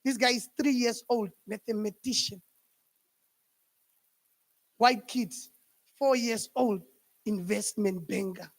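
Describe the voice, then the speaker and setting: A young man with a Namibian accent doing a stand-up comedy set, animated and laughing at his own jokes. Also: sits high, slow pace, vocal fry, pauses often.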